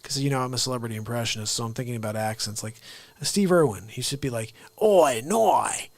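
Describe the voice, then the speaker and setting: In a quick-paced, mid-range voice recorded dry, a man hosts a live comedy stream off the cuff. He's an impressionist who rambles and cracks jokes, then drifts into earnest asides.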